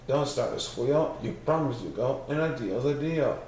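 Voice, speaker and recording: A man voicing a tiny, bossy male bug who snaps orders in a high squeaky voice. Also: animated, normal speed, darkish tone, slight background noise, close to an everyday voice. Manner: bossy, snapping. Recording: very echoey room.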